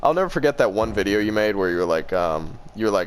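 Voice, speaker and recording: A man's voice: low-pitched, quick pace, clean tone. A man co-hosting a podcast, talking in a loose, profane, rambling way. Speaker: podcast co-host. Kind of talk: casual podcast chat.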